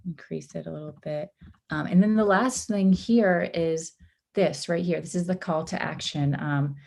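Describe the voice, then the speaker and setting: Female workshop instructor, mellow low voice, slightly strained from losing it, relaxed step-by-step screen-share teaching. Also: normal speed, gravelly. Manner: casual, step-by-step, with frequent ums and oopses. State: losing her voice. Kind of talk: live screen-share design tutorial.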